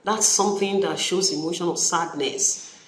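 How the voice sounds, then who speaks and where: A university lecturer with a Nigerian English accent giving a recorded study-session lecture, animated, repeating key phrases and acting out example sentences. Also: mid-range voice, normal speed, slight background noise. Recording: echoey room.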